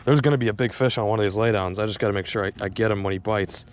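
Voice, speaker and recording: A young man filming a fishing vlog on a riverbank, talking excitedly and stammering when a fish bites. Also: lowish voice, racing. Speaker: fishing vlogger. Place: outdoors on a river bank.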